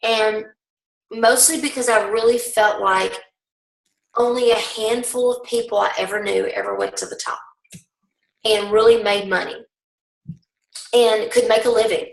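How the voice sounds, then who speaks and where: A middle-aged woman, a bit hoarse, telling her story to a sales team in a rambling, folksy way full of ums. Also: fairly high pitch, unhurried, pauses often. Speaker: guest speaker on a team call. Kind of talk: personal testimony to a sales team. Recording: roomy, distant conference-call audio.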